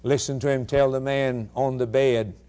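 A male radio preacher gives an emphatic sermon, firing off rhetorical questions and swinging between loud declarations and hushed lines. His voice is mid-range with fairly even intonation at a moderate pace.

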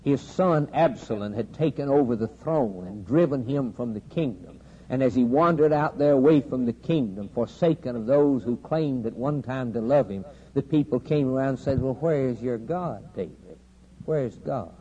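A man preaching a sermon, with a steady preaching cadence that builds to loud, emphatic climaxes with dramatic pauses. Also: medium pitch. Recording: dull lo-fi sermon recording with faint hiss.

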